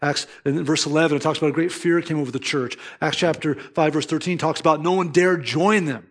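A man's voice: on the high side, steady tone, fast talker. A man preaching a sermon as pastor, earnest and emphatic, mixing scripture with storytelling.

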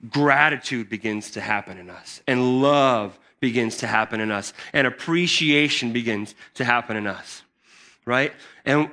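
A pastor preaches in a high, lively voice with a bright, ringing edge, addressing the congregation like a friend. He stumbles over repeated starts before rising into excited emphasis.

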